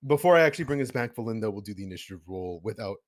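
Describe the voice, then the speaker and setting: Chatty game-master man, lively tone. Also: on the low side, rapid-fire, dry recording, clean studio sound. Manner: easygoing, helpful, with many ums. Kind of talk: explaining game settings and running a tabletop session.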